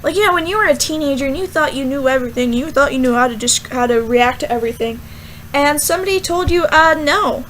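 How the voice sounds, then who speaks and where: A young woman, a student, rambling casually through a Bible verse vlog with lots of fillers and animated asides. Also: high-pitched, quick pace, slight background noise, rough recording. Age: young adult. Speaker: student vlogger.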